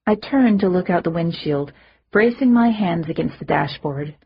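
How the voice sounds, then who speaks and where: A woman's voice: normal speed, slight background noise. Woman reading an urban fantasy audiobook. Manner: lively first-person reading, pitching up for shouted lines. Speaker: audiobook narrator. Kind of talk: audiobook narration with character voices. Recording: muffled lo-fi audio.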